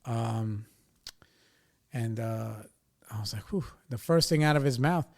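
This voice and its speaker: A man's voice: medium pitch, slow pace, creaky. A man in his forties from New York State hosts a podcast and tells a story in a loose, rambling way. He swears freely and keeps checking in with "right?" and "you know". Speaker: podcast host. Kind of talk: casual storytelling.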